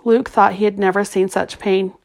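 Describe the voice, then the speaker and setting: A woman narrating a novel in a steady, even storytelling voice. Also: mid-range voice, normal speed, gravelly. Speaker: audiobook narrator. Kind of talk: scripted narration.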